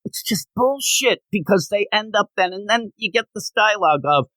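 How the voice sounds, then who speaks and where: Animated man ranting on a podcast. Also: high voice, no echo, poor audio. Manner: animated, mocks characters with quick put-on quotes. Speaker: podcast co-host. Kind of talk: casual comic book discussion.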